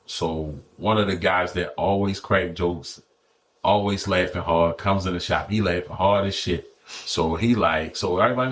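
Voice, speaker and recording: Low-voiced man telling profane stories. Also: moderate pace. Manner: profane, animated storyteller acting out others' lines. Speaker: podcast guest. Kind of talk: casual storytelling chat.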